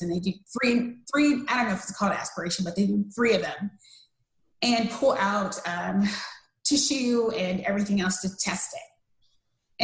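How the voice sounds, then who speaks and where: A woman in her thirties from the United States, earnestly telling a personal story as a podcast interview guest, with many fillers and restarts. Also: medium pitch. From USA. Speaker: interview guest, cancer survivor. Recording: roomy echo.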